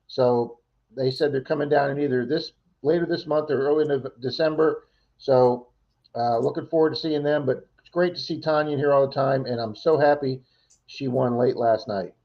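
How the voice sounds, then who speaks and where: A man's voice: mid-range voice, fairly even intonation, moderate pace. A man co-hosting a casual livestream chat, telling rambling stories and acting out other people's lines. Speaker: livestream co-host. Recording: dull lo-fi stream audio.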